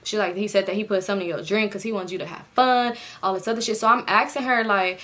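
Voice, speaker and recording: A woman's voice: mid-range voice, fast talker. A young woman from California telling a personal story in a casual vlog, animatedly acting out what everyone said, with lots of swearing. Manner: animated retelling, voices others with expletive-laden quoted outbursts. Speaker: storytime vlogger.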